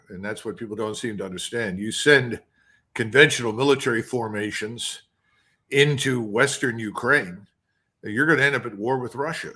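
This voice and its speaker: A retired colonel speaks as a guest in an interview with a bright, forceful voice. He gives his analysis bluntly and with emphasis, sounding sure of his views. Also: on the low side. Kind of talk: interview commentary.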